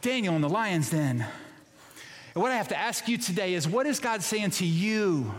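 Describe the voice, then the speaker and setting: A man's voice: high voice, animated, moderate pace, long reverb tail. A man preaching a sermon as pastor, retelling a scripture story in a casual, emphatic way.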